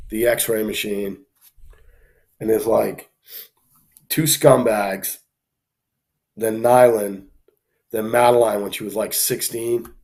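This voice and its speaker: Telling an anecdote casually on a live stream, a low-voiced man gets animated, acting out the people he quotes and filling his speech with fillers.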